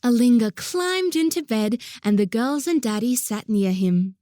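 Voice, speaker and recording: Slow, gentle woman narrating a children's story. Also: fairly high pitch, lively intonation, dry recording, studio quality. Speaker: audiobook narrator.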